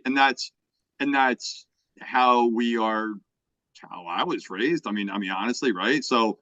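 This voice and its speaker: A man's voice: mid-range voice, a little slow, pushed and bright, no room sound. A middle-aged man hosting a podcast, chatting casually, rambling with restarts and checking in with "right?". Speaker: podcast host. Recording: dry, slightly dull podcast mic.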